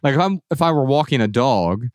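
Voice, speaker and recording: A man's voice: mid-range voice, fairly quick, clear, resonant tone, dry recording, studio quality. A man with a Midwestern American accent co-hosting a casual podcast, telling stories and playfully mimicking other people's voices. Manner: animated, playful voices when quoting people. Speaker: podcast co-host.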